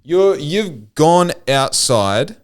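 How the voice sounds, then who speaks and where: Animated Australian man telling a story. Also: a little high, very slow, clean tone. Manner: animated, swearing, laughing while telling a story. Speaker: podcast host. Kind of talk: casual storytelling chat.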